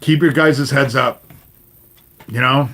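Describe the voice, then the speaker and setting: A man in his fifties hosts his own livestream and rants heavily, swearing nonstop as he talks straight to his viewers and closes lines with "you know?". His voice is medium-pitched and a bit bright, with fairly even intonation and a slow delivery.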